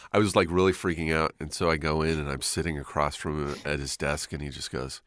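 Man, very deep voice, laid-back storyteller, swears casually, dry recording. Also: flat delivery, quick pace, few pauses, fairly bright tone, no room sound.

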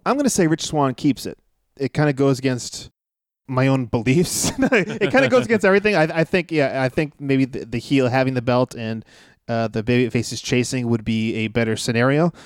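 A man co-hosting a podcast in casual chat, brisk and keeping the conversation moving. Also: medium pitch, animated, no echo, clean studio sound. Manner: brisk, keeps the talk moving, laughs often. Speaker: wrestling podcast co-host.

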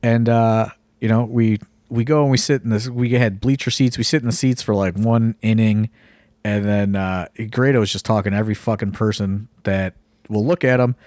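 A man's voice: lowish voice, fairly even intonation, moderate pace, darkish tone, no echo. A man co-hosting a casual podcast, telling a rambling story full of fillers and the odd swear word. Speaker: wrestling promoter and podcast co-host.

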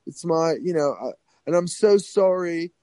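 A man's voice: on the high side, unhurried, warm tone, no room sound, voice pushed up, close to an everyday voice. A man imitating his older British grandmother, flustered and apologetic.

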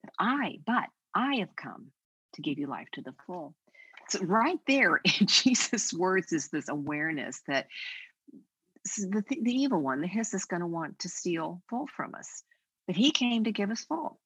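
An older woman guest speaking on a faith podcast, telling stories in an animated, expressive way. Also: lowish voice, moderate pace, slightly rough, no echo, poor audio. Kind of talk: conversational podcast interview.

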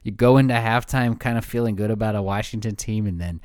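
An easygoing man co-hosting a sports podcast, walking through game results in a relaxed way. His voice is smooth and clear at a middle pitch, recorded dry and close. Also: fast, few pauses, dry recording. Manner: easygoing, steers the talk to the next game. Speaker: podcast co-host. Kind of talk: casual sports chat.

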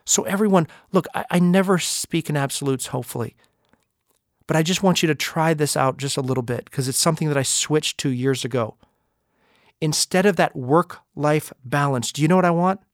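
A man's voice: on the high side, normal speed, no echo, studio quality. A man hosting a podcast, giving an emphatic motivational talk full of rhetorical questions. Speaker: podcast host and speaker.

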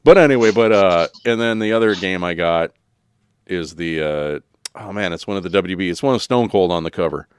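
A man's voice: deep voice, brisk, smooth, no echo. A man hosting a podcast in casual chat, rambling and loose with lots of fillers. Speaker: podcast host.

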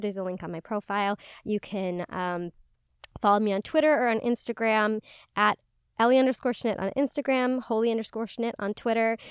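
Woman, 20s, podcast host, casual upbeat chat, smooth, dry booth sound. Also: mid-range voice, no room sound. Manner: chatty, upbeat, lots of "like".

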